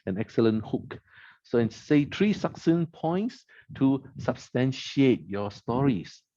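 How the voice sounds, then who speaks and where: A man speaks slowly in a warm, medium-pitched voice with big pitch swings, evaluating the evening's speeches at a club meeting. Analytically, he quotes lines back and names their rhetorical devices. The audio is dull, with no room sound.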